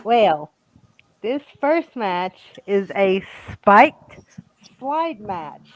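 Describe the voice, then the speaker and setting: Slow, lively-voiced woman hosting a stream. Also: mid-range voice, no echo, dull audio. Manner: chatty, laughs often. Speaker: show host. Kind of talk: casual live-stream hosting.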